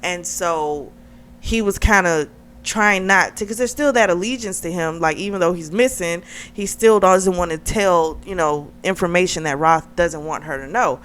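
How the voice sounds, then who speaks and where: A woman reviewing a book, retelling the plot in a chatty, animated way and often saying "like". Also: on the low side, normal speed, clean tone. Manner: chatty and animated, heavy use of "like", laughs often. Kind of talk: casual plot recap.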